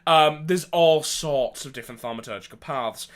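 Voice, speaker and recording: Bright-voiced rambling male storyteller. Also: fairly high pitch, normal speed, clear, resonant tone. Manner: rambling, lots of fillers and restarts; casual, swears offhandedly. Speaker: podcast host.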